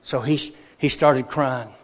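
A man's voice: medium pitch, fairly even intonation, takes it slowly, big-room sound. A man preacher giving a sermon testimony to a congregation, telling his story in a folksy, emphatic way.

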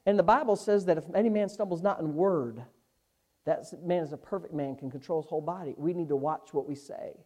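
A male pastor, preaching a Bible lesson, slowing down and swelling in volume when he quotes scripture. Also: on the high side, warm tone, lo-fi sound. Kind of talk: sermon.

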